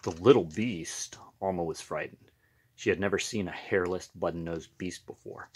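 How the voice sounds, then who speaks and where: A man reading a picture book aloud in a gentle, unhurried storytelling manner. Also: sits low, fairly even intonation, slightly rough.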